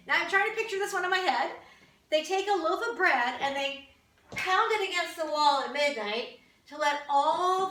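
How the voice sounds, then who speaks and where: Canadian lady vlogging at home, high bright voice, kinda echoey and off-mic. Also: distant mic, slight background noise. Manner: chatty, wry, amused asides. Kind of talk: casual chat to camera.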